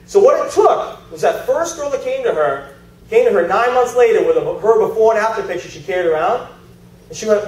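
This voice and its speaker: A man's voice: high voice, expressive, quick pace, a little mellow. A man giving a chatty sales presentation to a live group, telling stories and quizzing the audience. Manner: chatty storyteller, asks audience questions. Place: meeting room with an audience. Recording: echoey room, heard from far off.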